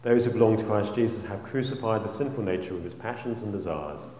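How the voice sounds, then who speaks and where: A man with a lowish voice preaches and prays in a gentle, earnest manner, letting some phrases fall almost to a hush. His voice carries through a roomy church hall with a long, lingering reverb. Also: animated, fast. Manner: gentle, earnest, drops very soft on quoted phrases. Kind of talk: sermon and spoken prayer.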